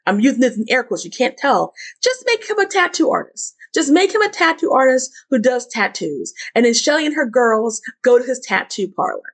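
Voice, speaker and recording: A woman giving a casual, rambling movie review, frustrated and full of restarts. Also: high voice. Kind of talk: casual ranting film review.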